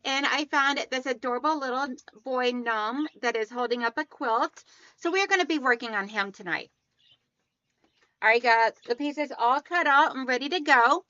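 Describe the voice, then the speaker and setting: Chatty bright-voiced woman hosting a livestream. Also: high-pitched, normal speed, no room sound, lo-fi sound. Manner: chatty, greets viewers by name, calls them hon and sweetheart. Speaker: quilting livestream host. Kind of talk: casual livestream chat with viewers.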